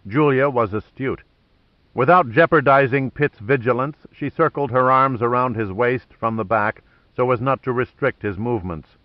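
A man narrating a thriller audiobook in a measured, dramatic storytelling manner. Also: mid-range voice, no echo, dull audio.

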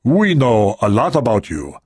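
A man voicing a courteous male government aide who speaks formally, in a raised, husky voice. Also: mid-range voice, wildly swooping pitch, measured pace, a little mellow, dry recording, clean studio sound, full character voice. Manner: polite, formal hospitality.

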